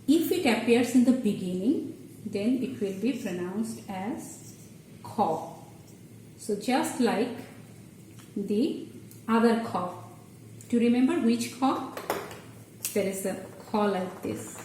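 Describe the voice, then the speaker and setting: A woman's voice: on the high side, lively intonation, dark tone, distant mic, a little hiss or hum. Woman teacher in an echoey room. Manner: patient, explains step by step, halting restarts. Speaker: Bengali language teacher. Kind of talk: explaining at a board. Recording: echoey room, voice from off the mic, faint ambience.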